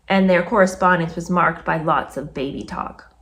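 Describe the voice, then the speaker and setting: Animated woman reviewing a book. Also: on the low side, moderate pace. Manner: animated, disgusted asides. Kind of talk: reading aloud and commenting.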